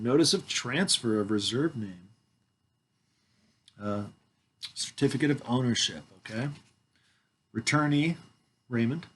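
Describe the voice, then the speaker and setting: Guy in his 40s from washington on a headset mic, reads legal stuff out loud, kinda mumbly, trails off, jokes around between lines, average pitch. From Washington, United States. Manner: playful, joking asides between formal reading. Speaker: video host reading his own documents. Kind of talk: reading a legal declaration aloud with casual asides.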